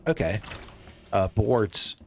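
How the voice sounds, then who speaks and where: A man giving casual, jokey let's-play commentary, rambling and breaking into excitable outbursts. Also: lowish voice, takes it slowly, soft background music. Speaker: gaming streamer.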